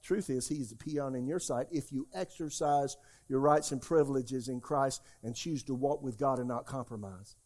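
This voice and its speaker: A man's voice: medium pitch, moderate pace, darkish tone. A man preaching a sermon, emphatic and often calling out to the congregation. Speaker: pastor.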